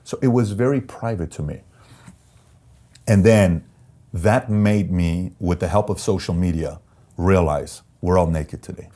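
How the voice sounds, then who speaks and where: Speaking unhurriedly in a low voice, a male entrepreneur shares candid stories as an interview guest. He's animated and emphatic, coming back to key phrases again and again.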